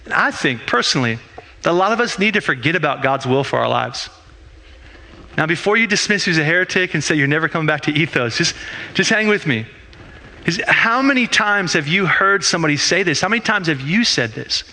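A man's voice: on the high side, animated, a little fast, sharp tone. A man preaching a sermon as a pastor in a conversational way, with rhetorical questions and frequent restarts.

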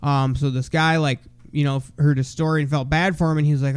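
Man with a smooth, resonant voice. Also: fairly high pitch, level tone, quick pace, no room sound. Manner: loose, profane storytelling, drawling "bro" and "dude". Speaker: podcast co-host. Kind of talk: casual chat.

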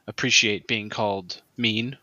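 A man with a bright, forward voice playing in a casual tabletop game. He is eager, tallies his rolls aloud and grumbles in mock exasperation when they go badly. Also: fairly low pitch, fairly even intonation, a little slow, muffled recording. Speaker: player.

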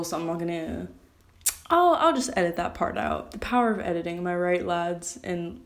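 A teenage girl hosting her own podcast, chatting and ranting in a rambling, self-correcting way, recorded on a phone. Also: fairly low pitch. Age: teens. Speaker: podcast host. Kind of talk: casual solo podcast rant.

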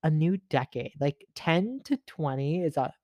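A man's voice: on the high side, very animated, unhurried, darkish tone, dry recording, studio quality. A man in his late teens hosting a solo podcast, chatting in a rambling, profane way, full of filler words and giggles. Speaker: podcast host. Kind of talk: casual solo podcast chat.

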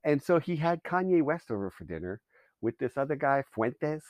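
A man's voice: fairly high pitch, very animated, moderate pace, darkish tone, no echo. Sarcastic, swearing Canadian man ranting. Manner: sarcastic, swears a lot, rambling. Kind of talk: profane ranting monologue.

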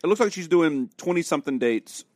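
A man on a podcast in casual comedic chat, adding brief deadpan interjections. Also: fairly high pitch, a little fast, no room sound.

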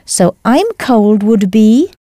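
A woman teaching a language lesson in a clear, careful scripted delivery, spelling out words as she goes. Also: a little high, expressive, slow pace, mellow, no room sound, studio quality.

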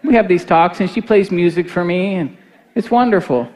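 A man's voice: high-pitched, moderate pace, a little mellow. A middle-aged man preaching a sermon, telling a homely story and then building to fervent exhortation. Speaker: pastor.

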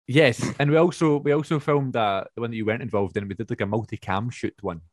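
A man's voice: mid-range voice, quick pace, no room sound, clean studio sound. A man hosting a podcast over a video call, talking in a chatty, rambling way and laughing often. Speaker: podcast host. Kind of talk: casual chat. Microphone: remote video call.

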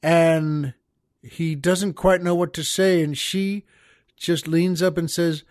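Slow folksy man telling a joke. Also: on the high side, steady tone, darkish tone, no room sound, clean studio sound. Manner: slow, folksy storyteller who chuckles at his own jokes. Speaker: podcast host. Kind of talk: joke telling and poetry reading.

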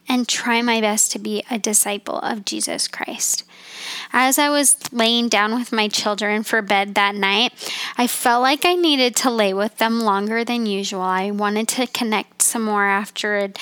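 A woman's voice: on the high side, a bit bright, no room sound. A woman in her thirties hosting a personal faith podcast, talking in an earnest, heartfelt, chatty way. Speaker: podcast host.

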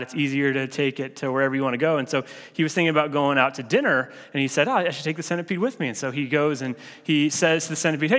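A man giving a sermon as pastor, talking in a relaxed, conversational way with frequent filler restarts. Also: on the high side. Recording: long hall reverb.

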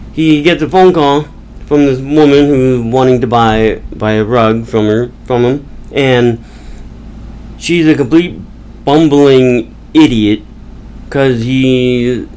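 A man's voice: mid-range voice, darkish tone, low-quality recording. A man hosting a podcast rambles through a movie recap in a chatty, loose way, restarting his sentences as he goes. A faint hiss sits behind his voice. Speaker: podcast host.

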